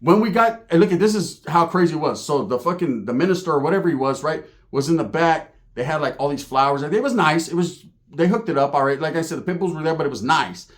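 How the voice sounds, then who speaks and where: A man telling a profane, animated story in stand-up style, acting out the other people in it. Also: a little high, fast talker, few pauses. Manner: animated, profane, acts out voices. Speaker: stand-up comedian.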